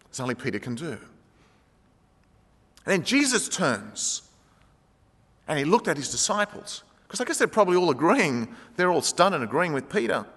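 A man preaching a sermon, animated, acting out the quoted speech of the people in his story. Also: sits high. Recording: long hall reverb.

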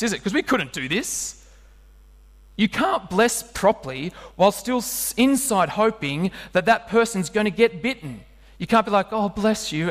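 A man delivers a lively sermon, his voice pitched somewhat high for a man. He keeps turning to the congregation with rhetorical questions. The sound rings on in a large hall with a long reverb. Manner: animated, asks the listeners rhetorical questions. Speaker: preacher.

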